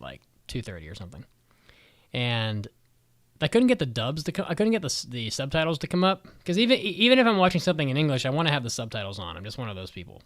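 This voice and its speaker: A man's voice: mid-range voice, fairly bright tone, no echo, clean studio sound. Swearing, ranting male podcast co-host. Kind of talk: casual chat, anime review.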